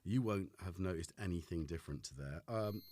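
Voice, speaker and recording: A man's voice: sits low, moderate pace, heavy background noise. A man hosting a casual livestream from a home studio, rambling and self-deprecating as he greets his chat by name. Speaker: livestream host.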